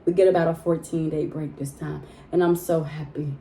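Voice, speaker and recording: A woman chats casually to her vlog viewers in a low, mellow voice. She is animated and talkative and laughs easily. Her voice carries a roomy echo from the room at home where she records. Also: a little fast, creaky, slight background noise. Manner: chatty and animated, laughs often, addresses viewers as y'all. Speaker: vlogger.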